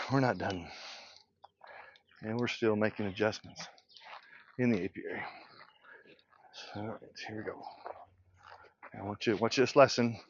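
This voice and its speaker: A male beekeeper teaching casually while working in his apiary, thinking aloud in an unhurried way and often clearing his throat. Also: fairly low pitch, fairly bright tone, highs cut off, a little hiss or hum. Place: outdoor apiary.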